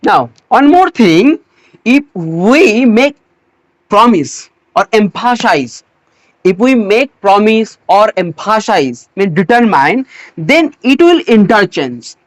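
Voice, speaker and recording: A teacher giving a slow English grammar lesson, pausing, repeating words and restarting phrases as they explain. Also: medium pitch, sing-song, dry recording. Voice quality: non-native English phrasing.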